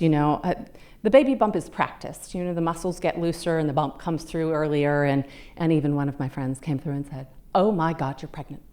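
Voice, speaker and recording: A woman in her fifties with a slightly low voice gives a talk to a club. She tells her own story in a conversational way and acts out the voices of the people she quotes. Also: a little mellow. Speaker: guest speaker. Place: club meeting room.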